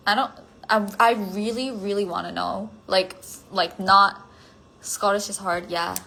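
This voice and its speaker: Brief: woman hosting a phone livestream, casual and giggly, with a relaxed, unhurried pace. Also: medium pitch, gravelly, low-quality recording. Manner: giggly, self-conscious, chatty with many fillers. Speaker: livestream host reading fan comments.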